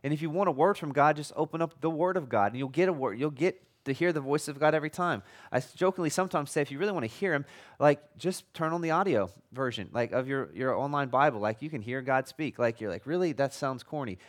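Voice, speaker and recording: Conversational preacher man, slightly higher voice. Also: fast. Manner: conversational, repeats and restarts words, jokey asides. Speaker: pastor. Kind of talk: sermon.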